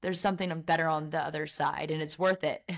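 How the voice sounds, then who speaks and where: A woman's voice: sits low, steady tone, fairly quick. Earnest young woman sharing her faith. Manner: earnest, heartfelt, many fillers. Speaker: podcast guest, author. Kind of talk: casual faith chat.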